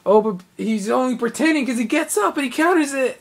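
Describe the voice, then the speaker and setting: A young man casually recapping a live event he attended, rambling and excitable, with lots of fillers and acted-out quotes. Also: very high-pitched, a little fast, creaky. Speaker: vlogger.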